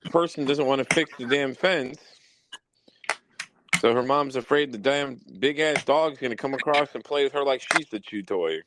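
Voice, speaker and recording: A young adult man with a medium-pitched voice hosts a casual podcast chat, telling profane stories and getting worked up as he goes. Background noise can be heard.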